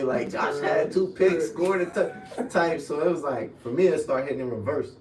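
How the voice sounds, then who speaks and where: Young man yarning in an echoey room. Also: normal speed. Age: young adult. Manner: laid-back storytelling with slang, drifts low and quiet. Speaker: former college football player, guest. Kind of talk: casual podcast chat. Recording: echoey room, mic at a distance, faint noise.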